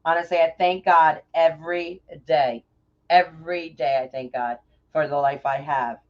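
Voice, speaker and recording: A woman's voice: low-pitched, fairly even intonation, moderate pace. Chatty New York woman, lo-fi stream. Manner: chatty, effusive, talks to viewers by name. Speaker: craft livestream host. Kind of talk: casual livestream chat while crafting bows. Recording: dull lo-fi livestream audio.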